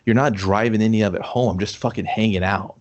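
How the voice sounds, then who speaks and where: A man's voice: on the low side, steady tone, fast talker, dull audio. A man co-hosting a casual movie review podcast, ranting bluntly and sarcastically with plenty of swearing.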